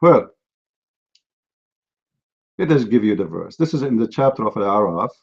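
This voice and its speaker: A man's voice: lowish voice, expressive, moderate pace, lo-fi sound. A man hosting a live online debate, mocking and lecturing his opponent in a combative way. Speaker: debate host.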